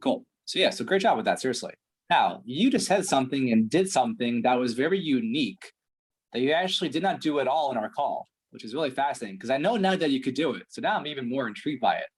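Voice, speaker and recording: Husky male sales coach, blunt and profane, pushing hard on a call. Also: medium pitch, animated, quick pace.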